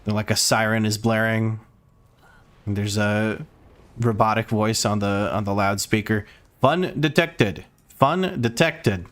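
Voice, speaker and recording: A man's voice: on the low side, monotone, measured pace, a bit bright, clear, resonant tone. A man streaming a game, giving casual, wry, joking commentary as he plays. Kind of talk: live gameplay commentary.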